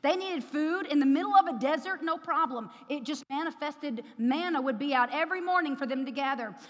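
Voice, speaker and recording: A woman preacher telling a personal testimony in a sermon, rising to loud, emphatic preaching. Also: high voice, fairly quick. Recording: long hall reverb.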